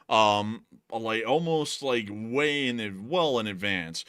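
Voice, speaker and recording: A man's voice: medium pitch, bright, forceful tone, clean tone, no room sound, studio quality. A man hosting a casual news livestream, joking and talking loosely with fillers. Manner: joking, puts on funny voices, fillers. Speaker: host of a war news livestream. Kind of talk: casual news commentary with jokes.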